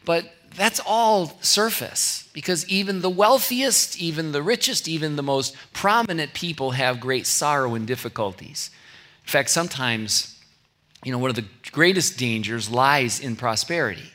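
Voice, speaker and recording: Male pastor, middle-aged, from California; bright tone, casual storytelling sermon. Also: mid-range voice, lively intonation, moderate pace. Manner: conversational storytelling with anecdotes and asides.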